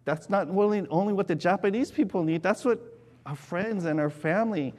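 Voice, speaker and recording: Male preacher from California, fairly high voice, lively sermon storyteller with big loud-soft swings. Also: a little fast. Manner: animated, swinging from loud excited bursts to quiet hushed tones.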